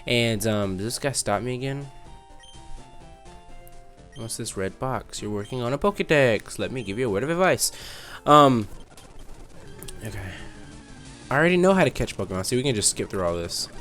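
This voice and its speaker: A young man in his twenties talks casually over his gameplay, rambling and breaking off his story to react to the game. His voice sits at an ordinary middle pitch. Faint game music plays behind him. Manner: rambling, distracted, restarts mid-sentence while playing. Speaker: let's play host.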